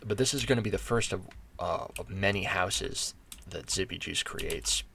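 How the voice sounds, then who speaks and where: A man's voice: deep voice, moderate pace, gravelly, sharp tone, a little hiss or hum. An American man giving casual, rambling commentary while playing a video game, thinking aloud with many fillers and restarts. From United States. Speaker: gaming channel host.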